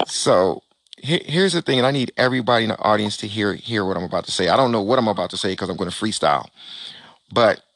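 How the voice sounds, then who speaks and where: A man who invests in real estate gives an emphatic, animated talk to an audience on a panel, repeating phrases and acting out bits of dialogue. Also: lowish voice, brisk, vocal fry, no echo. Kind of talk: motivational stage talk to an audience.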